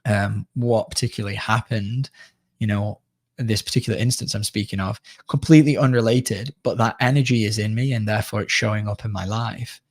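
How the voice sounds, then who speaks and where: A man's voice: on the low side, steady tone, a little fast, dry recording. A man in casual podcast conversation, reflective and searching, with many fillers.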